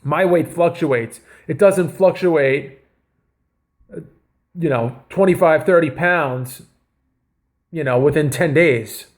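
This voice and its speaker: A man's voice: a little high, takes it slowly, pauses often. A man giving casual reaction commentary on his comedy vlog, rambling and enthusiastic with lots of fillers. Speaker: comedy vlogger reviewing news.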